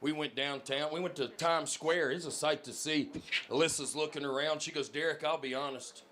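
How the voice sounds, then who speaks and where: A man's voice: a little high, steady tone, normal speed, slight background noise. A man with a Southern Alabama accent doing a stand-up comedy set, telling folksy, self-mocking stories with punchlines. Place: comedy club stage. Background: loud audience laughter.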